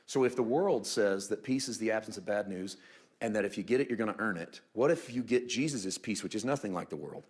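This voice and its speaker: Low-voiced male pastor preaching. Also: fairly quick. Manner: conversational preaching with humorous asides and dramatic drops to a hush. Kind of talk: sermon.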